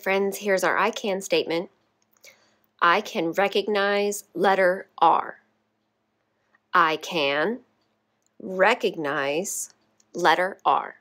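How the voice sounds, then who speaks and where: A woman kindergarten teacher giving clear, encouraging step-by-step instructions to young children. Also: on the low side, slow, long pauses, a bit bright.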